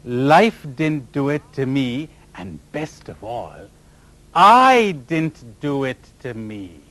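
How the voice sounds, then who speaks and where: A man's voice: medium pitch, very animated, slow pace, fairly bright tone, no echo. A man giving a spiritual talk to a live audience, teasing them with rhetorical questions and sometimes mimicking other people's voices. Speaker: spiritual teacher.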